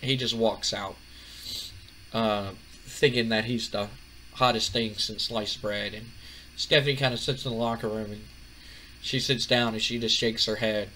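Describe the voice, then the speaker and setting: A man's voice: fairly low pitch, steady tone, a little slow, pushed and bright, slight background noise, poor audio. A man casually narrating a wrestling management game playthrough in a chatty, rambling way. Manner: chatty, rambling, many fillers. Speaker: gaming channel host.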